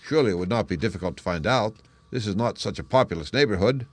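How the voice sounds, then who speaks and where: Sherlock Holmes, crisp and assured, voiced by a man reading. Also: lowish voice, animated, no room sound. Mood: cool. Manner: brisk, crisp, declaiming deductions. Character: sharp, confident male detective, lively and assured. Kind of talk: audiobook character reading.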